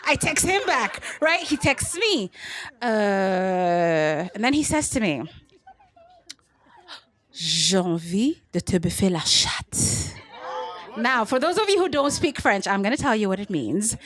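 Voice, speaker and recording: A woman performing stand-up comedy, her voice sitting slightly high. She tells her story in an animated way, slipping into put-on voices for the people in it. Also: normal speed. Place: comedy club stage.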